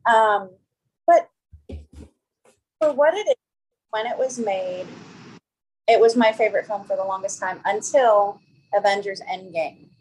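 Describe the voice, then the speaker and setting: A woman with a mid-range voice chats as a podcast guest. She pauses often with ums while building her points. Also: medium pitch, a little mellow, a little hiss or hum, rough recording. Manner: chatty, hesitant with ums. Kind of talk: casual chat.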